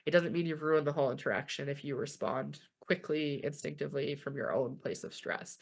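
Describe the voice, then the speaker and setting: A woman's voice: low voice, brisk, creaky, hardly any pauses, slightly rough. A young Canadian woman presenting a webinar from home, talking informally and often checking in with "okay?". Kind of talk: online webinar lecture.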